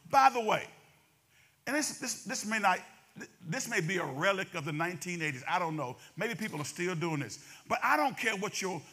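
Man, pastor preaching, high voice, calls to the congregation. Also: animated, sharp tone, slightly rough. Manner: fast-talking, call-and-response with the congregation. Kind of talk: sermon.

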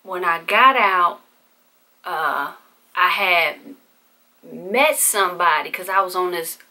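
A woman's voice: on the low side, lively intonation, slow pace, bright, forceful tone. A woman vlogger telling a candid personal story in casual, profane, conversational speech.

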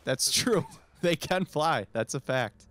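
A man's voice: a little high, lively intonation, slow, fairly bright tone, soft background music. A young man co-hosting a co-op let's play in casual gaming banter, laid-back and dry.

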